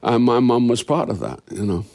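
A man, an actor, talking frankly and reflectively in an interview, now and then with a soft laugh. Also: medium pitch, very animated, normal speed, gravelly. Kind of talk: candid interview conversation.

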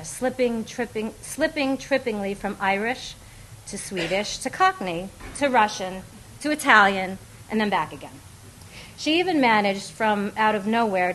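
A woman reading a memoir aloud, with a wry, expressive delivery that often breaks into laughter. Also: mid-range voice, a little hiss or hum, rough recording. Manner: wry and expressive, often laughing through lines, acts out quoted voices. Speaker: audiobook narrator. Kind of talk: memoir narration.

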